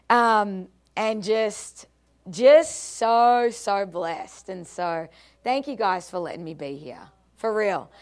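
A woman's voice: medium pitch, takes it slowly. A woman with an Australian accent, speaking as a guest speaker at church in a bubbly, chatty way that often breaks into laughter. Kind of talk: church talk to a congregation.

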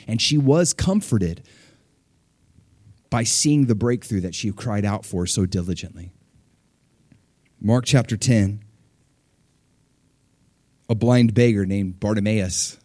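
A man preaching a sermon, retelling scripture in an animated way, swinging between hushed and loud and laughing often. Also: lowish voice, measured pace, long pauses, no echo, clean studio sound. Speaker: pastor.

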